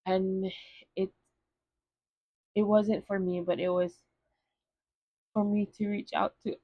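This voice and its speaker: A young woman hosting her own podcast, tearful and emotional, speaking haltingly with pauses and sighs. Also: medium pitch, flat delivery, dry recording. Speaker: podcast host. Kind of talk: heartfelt solo podcast monologue. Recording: slightly dull, dry lo-fi recording.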